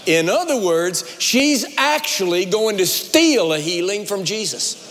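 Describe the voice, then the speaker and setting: A man preaching a sermon in a large church, building emphatic runs and slowing down for weight. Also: high voice, very animated, fairly bright tone, a little hiss or hum. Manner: dramatic preaching with rising emphatic runs and slowed pauses. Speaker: guest preacher. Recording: long reverb of a large hall.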